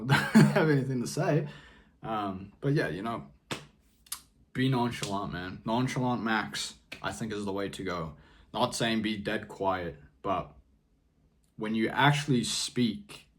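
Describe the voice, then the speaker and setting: A young man vlogging casual advice in a laid-back, rambling way, peppering his talk with slang. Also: on the low side. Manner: rambling, often trails off and restarts.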